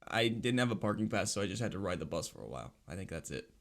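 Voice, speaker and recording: A man's voice: sits low, rapid-fire, vocal fry, slight background noise. A young man co-hosting a podcast, telling stories in a casual chat, acting out voices and laughing often. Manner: animated storyteller, acts out voices, laughs often. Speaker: podcast co-host.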